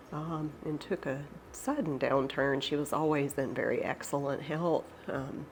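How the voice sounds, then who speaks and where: A middle-aged woman with a Southern American accent and a nasal voice from a cold, chatting gently over tea about Bible study. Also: sits low, vocal fry, a little hiss or hum. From Georgia, USA. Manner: gentle, unhurried, devout. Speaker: channel host. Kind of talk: casual tea-time Bible study chat.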